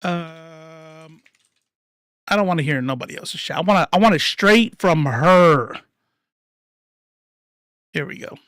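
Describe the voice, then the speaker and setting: A livestream commentator giving casual political commentary, profane and rambling, swinging between loud outbursts and mumbled asides. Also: mid-range voice, expressive, slow, pauses often, no room sound, studio quality.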